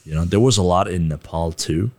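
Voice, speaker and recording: A man's voice: sits low, a little fast, darkish tone, dry recording. A man in his thirties chatting as a podcast guest, joking and laughing often and acting out what others said. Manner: jokey, laughs often, acts out quoted voices. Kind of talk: casual chat.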